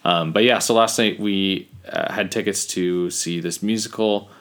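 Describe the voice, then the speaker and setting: Low-voiced man rambling in casual chat. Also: steady tone, a little slow, a bit bright. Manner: rambling, many fillers, laughs often. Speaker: podcast co-host.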